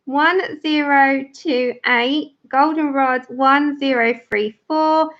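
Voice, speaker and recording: High-voiced woman hosting a slow colouring stream. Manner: chatty, unhurried, explains step by step. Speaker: livestream colouring host. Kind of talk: casual tutorial chat while colouring. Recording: dull lo-fi livestream audio.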